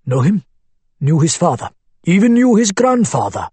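An old, shrewd antiques dealer with a thick Arabic accent, put on by a male storybook narrator. He is hearty and sly, and his husky voice sits higher and louder than the narration. The recording is dry and close. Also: big pitch swings, moderate pace, dry recording, exaggerated voice. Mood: jovial, bargaining.

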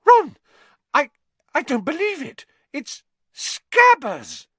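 A man voicing a quick-witted, bossy schoolgirl, crisp and decisive in his reading. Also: sits high, very animated, fairly bright tone, no echo, pitched above the performer's own voice, exaggerated voice. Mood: shocked.

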